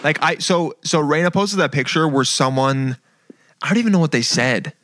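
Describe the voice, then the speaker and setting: A man's voice: a little high, normal speed, dry recording. Casual, swearing young man, dry close sound. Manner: animated, swears a lot, acts out quotes. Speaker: podcast host. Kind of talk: casual chat.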